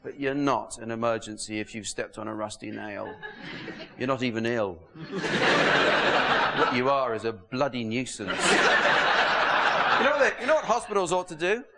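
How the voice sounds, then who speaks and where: A man with a mid-range voice speaks at a normal speed with frequent pauses, delivering a dry, sardonic, deadpan stand-up monologue as a comedian and show host. The clip sounds like a hissy VHS tape rip, with audience laughter behind him.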